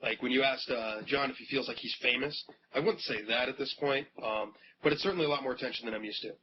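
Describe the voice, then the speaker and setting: Fast-talking guy from north dakota, dry humor, muffled audio with background hiss. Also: medium pitch. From North Dakota, USA. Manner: quick, dry, self-deprecating. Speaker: interview guest. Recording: muffled, with noticeable background noise.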